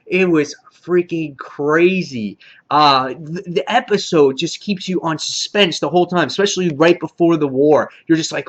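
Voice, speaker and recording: A man reviewing a TV episode in a casual, excitable recap, full of fillers and mild swearing. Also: on the high side, moderate pace, dull audio. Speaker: TV show reviewer.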